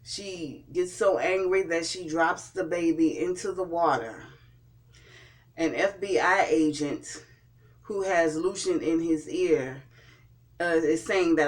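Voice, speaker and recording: A man with a slightly high voice speaks slowly, giving a casual spoken recap and review of a TV episode. As a TV show reviewer, he often repeats and restarts his words.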